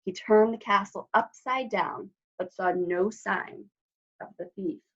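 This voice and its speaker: A librarian woman reads a picture book aloud for children at story time. Her voice sits at a middle pitch and is expressive, with friendly asides. The audio is slightly dull. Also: slow pace.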